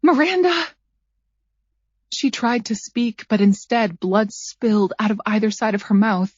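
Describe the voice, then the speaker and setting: A woman reads a first-person psychological thriller at a measured pace, keeping a tense edge. Her voice sits in an ordinary middle register. The recording is close and dry with no room sound, and the top end is a little dull. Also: mid-range voice, fairly even intonation, darkish tone, no room sound. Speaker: audiobook narrator. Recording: dry, slightly dull studio read.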